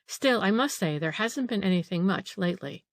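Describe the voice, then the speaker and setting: A woman's voice: mid-range voice, expressive, moderate pace, no echo, natural voice. A woman reading an audiobook, voicing an old female housekeeper who grumbles, frets and takes offence easily. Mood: fretful.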